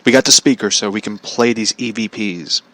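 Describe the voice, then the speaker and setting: A man hosting a podcast in a casual chat, rambling and halting, with many "like" fillers and chuckles. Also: fairly low pitch, sharp tone. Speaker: podcast host.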